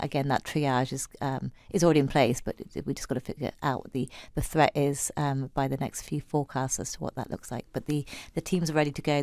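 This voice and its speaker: Brief: low-voiced woman official going hoarse, earnest and urgent, quick delivery, dry studio. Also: a little mellow, no room sound. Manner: urgent, earnest, repeats points for emphasis. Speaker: emergency management official. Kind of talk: radio interview guest. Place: radio studio.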